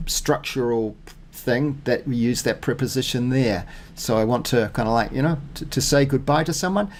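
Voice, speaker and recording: A man working through his Spanish practice notes out loud, thinking aloud with many fillers and restarts, and reading phrases slowly and deliberately. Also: mid-range voice. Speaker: Spanish learner. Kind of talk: casual self-recorded practice talk.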